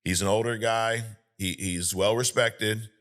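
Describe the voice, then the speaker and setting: A man in a casual podcast chat, swearing freely and retelling movie scenes with lively energy. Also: lowish voice, unhurried. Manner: profane, animated storyteller who acts out scenes. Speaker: podcast co-host.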